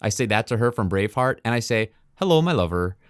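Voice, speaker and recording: Guy with a lowish voice telling a movie plot, bouncy, does little voices for the lines, dry close mic. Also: quick pace, clean tone, no room sound. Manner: animated storyteller acting out quoted lines. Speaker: podcast co-host. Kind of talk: casual movie recap.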